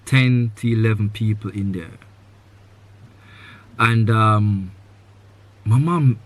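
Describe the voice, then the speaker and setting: A man's voice: fairly low pitch, slow pace, long pauses. A man hosting a live podcast, giving earnest advice to a guest, repeating his main points and filling his talk with "you know.". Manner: loose sentences with many "you know" fillers. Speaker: podcast host.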